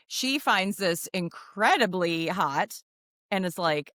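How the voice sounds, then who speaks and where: Bright-voiced woman co-hosting a film review. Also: medium pitch, unhurried, no room sound, studio quality. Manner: recaps the plot, acting out quotes, laughs often. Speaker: podcast co-host. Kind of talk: casual chat reviewing a film. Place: home.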